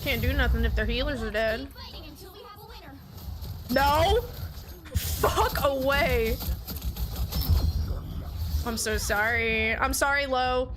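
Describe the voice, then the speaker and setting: A woman streaming a game, chatting casually, excitable and swearing a lot. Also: on the high side, measured pace, long pauses, background noise. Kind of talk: casual gaming chat.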